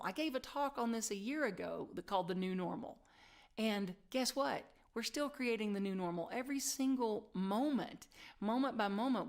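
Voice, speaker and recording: A middle-aged woman pastor preaching to her community, mid-pitched and relaxed. Her delivery is conversational and self-deprecating, like telling a story to friends. She sometimes drops to a soft whisper to stress a point. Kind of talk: sermon.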